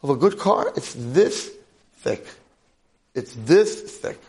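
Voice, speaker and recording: An older American man, a rabbi, giving a jokey, animated class full of rhetorical questions. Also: medium pitch, slow pace, gravelly. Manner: jokey, acts out quoted voices, punchy rhetorical questions. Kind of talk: animated storytelling lecture.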